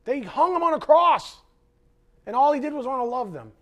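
A man's voice: very high voice, big pitch swings, normal speed. A man preaching a sermon as pastor, impassioned, with sarcastic asides to the congregation. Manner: impassioned, swings from quiet to loud.

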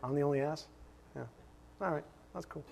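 A middle-aged man preaching a sermon, animated, asking rhetorical questions and dropping suddenly to a hush. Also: fairly high pitch, fairly quick, vocal fry. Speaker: pastor.

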